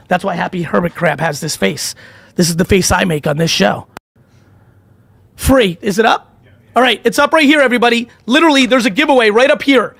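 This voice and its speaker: Middle-aged guy hyping a live stream, high gravelly voice, swears a ton, dry close sound. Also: lively intonation, fairly quick, a bit bright, no echo. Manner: intense, profane, emphatic repetition. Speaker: livestream host running giveaways. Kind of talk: unscripted live-stream pep talk and sales pitch.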